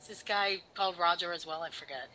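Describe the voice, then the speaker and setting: A man in a casual film discussion, relaxed and musing, often trailing off. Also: high-pitched, fast, a little hiss or hum, rough recording.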